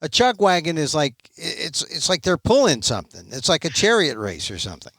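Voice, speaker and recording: A man hosting a podcast interview, posing questions in a halting way with restarts. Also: fairly high pitch, big pitch swings, a bit bright, no echo. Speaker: podcast host.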